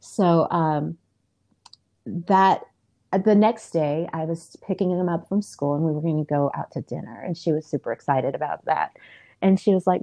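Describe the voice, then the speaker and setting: Low, mellow-voiced woman telling a story. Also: moderate pace. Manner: warm, earnest storytelling with many fillers. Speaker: guest. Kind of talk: casual storytelling in an interview.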